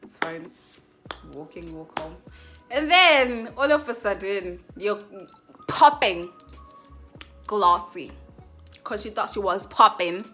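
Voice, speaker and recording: A young woman vlogger telling a casual storytime, chatty and animated, full of fillers and acted-out asides. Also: medium pitch, takes it slowly, long pauses, faint music behind.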